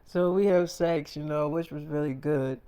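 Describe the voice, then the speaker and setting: A man's voice: on the high side, steady tone, moderate pace, warm tone, clear, resonant tone. A man telling an improvised first-person story in a rambling, profane, slangy way, acting out the quoted dialogue.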